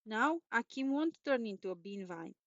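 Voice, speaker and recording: A woman's voice: on the high side, lively intonation, moderate pace, a bit bright, no echo. A woman voicing a kind, friendly doctor who soothes a frightened child, in a dull, dry recording. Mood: soothing. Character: kind, cheerful Christian doctor.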